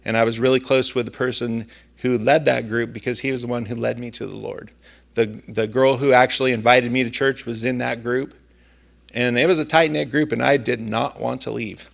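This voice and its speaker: Man, preacher, sermon, conversational storytelling, gravelly voice. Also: medium pitch, steady tone, fairly quick.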